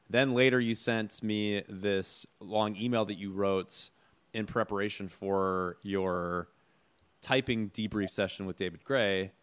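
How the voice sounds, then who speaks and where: Halting, reflective male interview host. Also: on the low side, smooth. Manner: warm-hearted, halting, searching for words.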